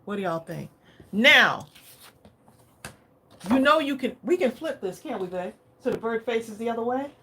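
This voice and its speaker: A woman's voice: fairly high pitch, animated, normal speed, long pauses, sharp tone, a little hiss or hum. Picture a woman running a crafting livestream, chatting as she works. She keeps turning to her viewers for their opinions in a loose, easygoing flow. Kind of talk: casual livestream chat while crafting.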